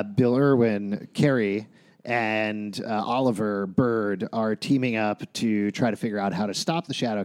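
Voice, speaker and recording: A man hosting a podcast in casual chat, animated and quick to laugh, jumping between topics. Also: medium pitch. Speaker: podcast host.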